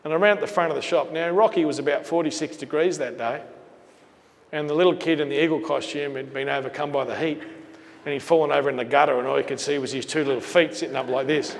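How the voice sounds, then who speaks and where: A man's voice: fairly high pitch, fairly even intonation, fast talker. A middle-aged man with an Australian accent telling a business story to an audience as a keynote speaker, acting out the dialogue of the people in it. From Queensland, Australia. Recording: long hall reverb.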